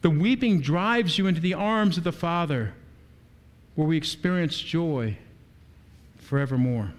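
A pastor preaches to his congregation in a man's high, light voice. He asks question after question and works each point with animated energy. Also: unhurried. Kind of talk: sermon.

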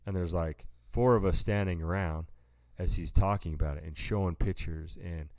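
Deep-voiced man telling a rambling story. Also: normal speed, a little mellow, no room sound, clean studio sound. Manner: rambling storyteller, acts out quotes, says "dude". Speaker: podcast co-host. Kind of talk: casual chat.

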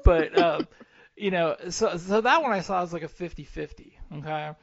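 A man's voice: high voice, lively intonation, normal speed, creaky, muffled recording. A man co-hosting a podcast in casual chat, rambling and explaining himself with lots of fillers. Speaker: podcast co-host.

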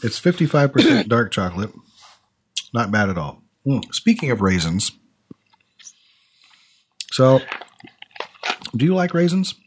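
A man's voice: mid-range voice, very animated, a little slow, long pauses, a little hiss or hum. A man hosting a casual chat, thinking aloud and musing with fillers as he tastes snacks. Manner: chatty, thinks aloud with fillers while eating. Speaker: podcast host tasting snacks.

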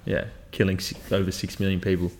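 Fast-talking low-voiced guy chiming in. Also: completely flat delivery. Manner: quick, chiming in with questions and corrections. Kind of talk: casual chat.

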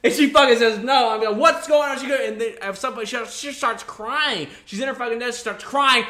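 A man's voice: very high-pitched, a little fast, pushed and bright. A young man chatting casually on a podcast, telling stories in a profane, rambling way full of restarts. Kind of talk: casual chat. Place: studio under bright lights. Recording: roomy echo.

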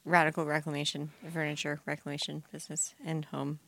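A woman's voice: sits low, monotone, gravelly, fairly bright tone, no room sound. A woman co-hosting a podcast in a playful, joking way. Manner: playful, joking, quick to laugh. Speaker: podcast co-host. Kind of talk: casual chat.

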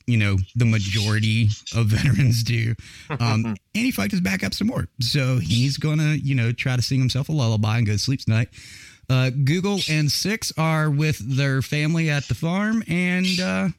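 A man hosting a podcast in casual chat, rambling and swearing through his stories. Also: mid-range voice. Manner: profane, rambling storyteller. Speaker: podcast host.

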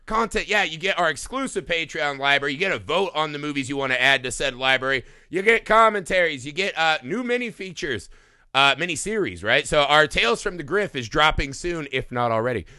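Bright, lively male podcast host with a voice that swoops up and down as he jokes around loudly. He sounds dry and close, with no room echo. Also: a little high, a little fast, smooth. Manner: exuberant, loud and joking, with swearing. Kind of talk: casual podcast banter.

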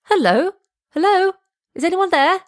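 A woman's voice: fairly high pitch, very animated, a little slow, no echo, clean studio sound, pitched above the performer's own voice. A woman voicing an eager young man calling out. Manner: loud, calling.

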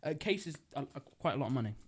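A man's voice: on the high side, expressive, rapid-fire, slightly rough. A young man, co-hosting a podcast, rambling and giggling as he makes up a silly story. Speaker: podcast co-host. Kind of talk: casual podcast chat, improvised storytelling.

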